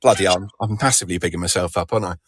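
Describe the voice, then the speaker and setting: Deep-voiced rambling man. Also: rapid-fire, no room sound, studio quality. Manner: rambling, self-deprecating, many restarts. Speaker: podcast co-host, interviewee. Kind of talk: casual chat.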